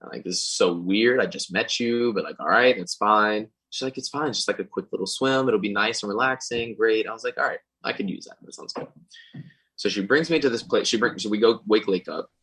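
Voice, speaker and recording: Husky young man telling a story. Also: lowish voice, brisk, poor audio. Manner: animated, acts out quoted voices. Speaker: podcast guest and singer. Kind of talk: casual storytelling.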